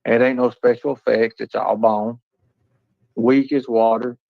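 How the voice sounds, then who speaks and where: A man's voice: mid-range voice, level tone, unhurried, creaky, dry recording. A man co-hosting a casual livestream chat, rambling and often stammering and restarting. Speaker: livestream co-host. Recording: dull lo-fi stream audio.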